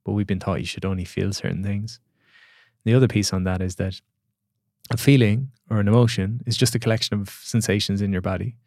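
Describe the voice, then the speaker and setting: Fast-talking man, gravelly. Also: on the low side, dry recording, studio quality. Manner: animated storyteller acting out quoted voices. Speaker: podcast guest, coach. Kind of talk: casual podcast conversation.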